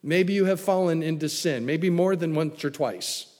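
A man preaching a sermon emphatically, swinging from loud declarations to hushed lines. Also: fairly high pitch, normal speed. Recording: long hall reverb.

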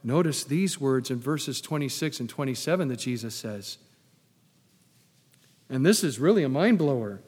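A man's voice: medium pitch, lively intonation, normal speed, pauses often, a little mellow, husky. Emphatic male pastor in a reverberant hall. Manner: emphatic, repeats key phrases, asks the congregation questions. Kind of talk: sermon.

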